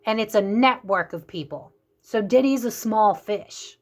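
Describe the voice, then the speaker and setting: A woman's voice: mid-range voice, a little slow. A woman giving a casual psychic tarot reading, talking in a rambling way full of fillers and restarts. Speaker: psychic reader.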